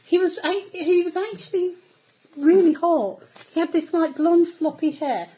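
Brash high-voiced woman player. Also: warm tone. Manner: brash, swearing, quick to laugh. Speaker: player, ship's pilot. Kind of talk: in-character tabletop banter.

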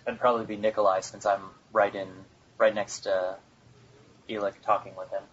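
A man's voice: on the low side, level tone, moderate pace, a bit bright. A man playing a tabletop game over voice chat, easygoing and at times speaking in character. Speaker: player. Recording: dull lo-fi voice chat with faint hiss.

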